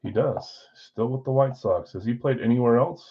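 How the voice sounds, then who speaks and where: A man hosts a live stream card break in a relaxed, chatty way, thinking aloud as he works and brightening for each countdown. His voice sits at an ordinary middle pitch. The stream audio is slightly dull and lo-fi. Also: moderate pace, slight background noise.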